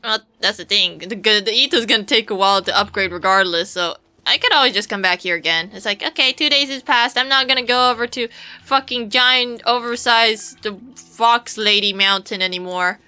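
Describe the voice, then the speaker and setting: Bright-voiced woman streaming a game. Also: on the high side, brisk. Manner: playful, rambling, chatting with viewers, swearing. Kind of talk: casual gameplay commentary.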